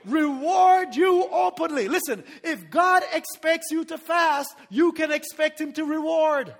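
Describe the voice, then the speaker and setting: A man preaching a sermon as pastor, animated, laughing often and calling for responses from the congregation. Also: very high voice, unhurried, big-room sound.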